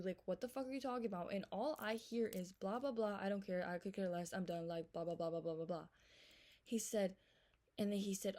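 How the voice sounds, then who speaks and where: A young woman telling a storytime vlog, recounting a text argument in a rapid, profane, exasperated way, swinging between loud venting and hushed asides. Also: fairly low pitch, fairly even intonation.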